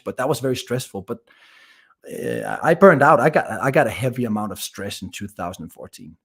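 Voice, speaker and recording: A man in his thirties with a Danish accent, a guest telling his story in a casual interview, energetic and full of restarts. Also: medium pitch. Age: 30s. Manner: energetic, many restarts and repeated words. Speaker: guest entrepreneur.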